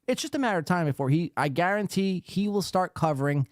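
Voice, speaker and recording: A man's voice: high-pitched, animated, quick pace, hardly any pauses, no room sound, soft background music. A man with a mid-range voice that swings widely as he mocks what he is watching. He sounds exasperated. The sound is dry and close. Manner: mocking, exasperated. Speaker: podcast commentator. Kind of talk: sarcastic commentary over a clip.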